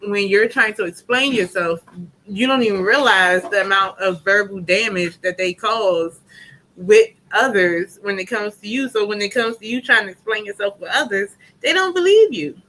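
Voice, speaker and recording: Speaking directly to her viewers, a female tarot reader runs a laid-back pick-a-card reading full of slang and lively chatter. The recording is poor, and her voice falls in the mid range.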